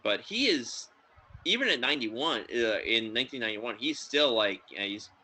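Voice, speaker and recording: With a medium-pitched, slightly breathy voice at normal speed, a man hosts a casual film review podcast. He rambles excitably, full of fillers, on a low-quality recording.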